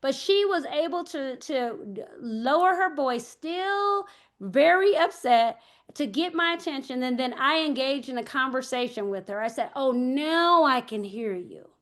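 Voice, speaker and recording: A woman's voice: high-pitched, lively intonation, unhurried. An older woman, an early childhood educator, giving a parent workshop talk, hesitant and thinking aloud as she tells anecdotes.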